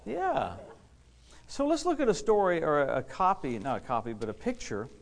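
A man preaching a lively sermon to a responding congregation, exuberant, laughing often and repeating key phrases for emphasis. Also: fairly high pitch, normal speed. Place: church service with a responding congregation.

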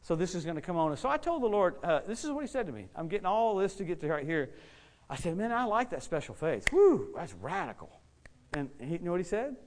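A man delivers a sermon through folksy, animated storytelling, often repeating words as his excitement grows. His voice sits high and his pace is quick.

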